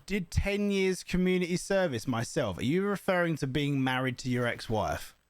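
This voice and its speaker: Brief: young guy, bouncy delivery, jokey rambling host, slightly high voice. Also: big pitch swings, normal speed, dry recording, clean studio sound. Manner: joking, rambling, laughs often. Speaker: reaction video host. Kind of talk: casual reaction commentary.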